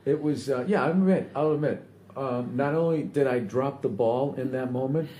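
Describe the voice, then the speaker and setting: A man's voice: mid-range voice, normal speed, warm tone. A man trading blunt, profane banter on a podcast, rambling and self-mocking as he tells a story. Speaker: podcast host. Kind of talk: casual comedic banter. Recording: echoey room with faint background noise.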